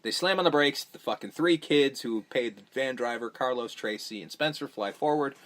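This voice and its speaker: A man's voice: mid-range voice, normal speed, a bit bright. A young man hosting a podcast, recapping a movie in a rambling, profane, offhand way. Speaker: podcast host. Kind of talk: casual movie recap chat.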